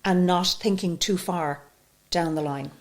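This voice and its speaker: A woman interviewing a guest in a studio, gently steering the talk with soft affirmations. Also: lowish voice, measured pace. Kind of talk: podcast interview.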